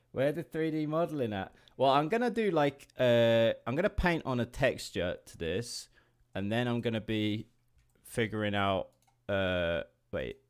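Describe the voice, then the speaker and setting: A man's voice: mid-range voice, expressive, unhurried, clean tone. An English man in his late twenties, an indie game developer chatting casually on a livestream while drawing, rambling, easily distracted, laughing often and swearing casually. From England. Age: late 20s.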